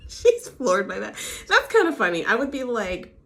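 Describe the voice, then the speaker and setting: Animated, outspoken woman recapping TV. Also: on the high side, moderate pace, creaky. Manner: animated, outspoken, opinionated, swears freely. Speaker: reality TV recap host. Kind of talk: casual commentary recap.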